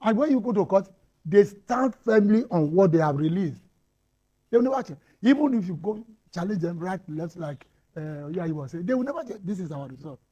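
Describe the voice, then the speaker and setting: A man's voice: high voice, lively intonation, normal speed, warm tone, slightly rough, muffled recording. A Nigerian man arguing hotly on a panel, firing rhetorical questions and repeating lines for emphasis. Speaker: panel guest. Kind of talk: heated panel debate.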